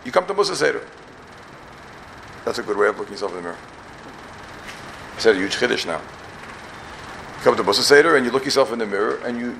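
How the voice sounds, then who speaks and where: A rabbi from Borough Park, giving an emphatic yeshiva talk full of repeated questions and wry asides. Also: male voice, mid-range voice, creaky, a bit bright, a little hiss or hum. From Borough Park, New York.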